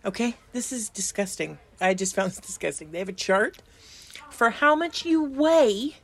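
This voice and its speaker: A woman's voice: mid-range voice, lively intonation, moderate pace, fairly bright tone, breathy edge. A woman co-hosting a casual podcast chat, rambling and giggly, swearing freely. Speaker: podcast co-host.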